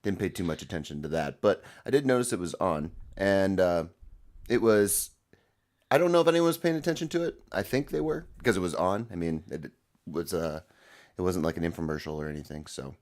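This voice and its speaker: Low-voiced man rambling casually. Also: a little fast, darkish tone. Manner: rambling, many fillers. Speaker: podcast co-host. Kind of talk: casual sports chat.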